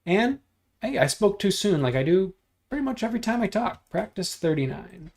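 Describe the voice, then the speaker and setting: A man hosting a livestream, chatting casually and thinking out loud as he builds 3D models, joking and teasing himself along the way. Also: high voice, very animated, a little fast. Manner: joking, self-deprecating, thinks out loud while clicking. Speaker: livestream host modeling in 3D software. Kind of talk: casual livestream chat while working.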